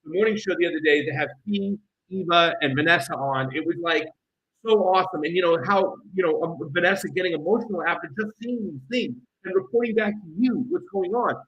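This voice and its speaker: A high-pitched man talks very fast and heatedly as co-host of a political commentary show. The audio is muffled and lo-fi. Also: slight background noise. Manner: heated, rapid, ranting delivery.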